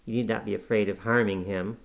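A man voicing a harsh young master of the house, speaking gruffly and scornfully. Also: lowish voice, steady tone, brisk, low-quality recording. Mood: stern.

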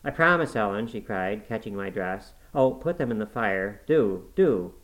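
A man's voice: fairly low pitch, animated, a little slow, darkish tone, poor audio. A man reading aloud and voicing a desperate teenage girl who pleads in tears. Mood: begging. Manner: breathless, pleading, tearful.

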